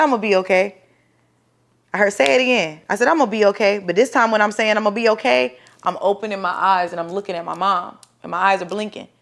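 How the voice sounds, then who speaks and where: A young woman telling a personal story in casual talk, acting out the voices of other people and swearing freely. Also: medium pitch.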